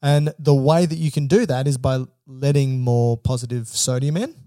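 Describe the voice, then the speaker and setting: A man co-hosting an educational podcast, explaining things in plain steps and asking prompting questions in a relaxed chat. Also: mid-range voice, normal speed, no room sound, clean studio sound. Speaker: podcast co-host.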